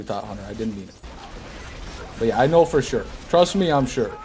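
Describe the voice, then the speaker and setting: A man's voice: medium pitch, lively intonation, moderate pace, darkish tone. A man streaming a video game, chatting casually with his viewers, joking and poking fun at himself. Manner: chatty, answers chat, jokey and self-deprecating. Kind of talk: casual gaming stream commentary.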